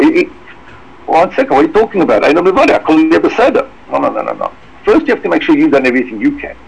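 Guy preaching a torah talk, husky kinda raspy voice, pitch all over the place. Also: wildly swooping pitch, fast talker, low-quality recording. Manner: emphatic, swooping pitch, Yiddish and Hebrew terms. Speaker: rabbi giving a talk. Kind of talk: Torah lecture.

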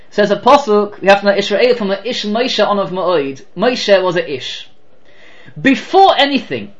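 A man teaching a class on the weekly Torah portion, animated and full of rhetorical questions. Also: high-pitched, lo-fi sound. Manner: animated, rhetorical questions, mixes Hebrew terms.

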